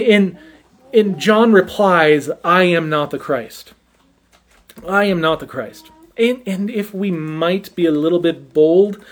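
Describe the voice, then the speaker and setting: A man's voice: high-pitched, darkish tone. A man preaching an expository sermon, earnest and emphatic, often repeating his first words as he goes. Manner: earnest, stammering repetitions, emphatic.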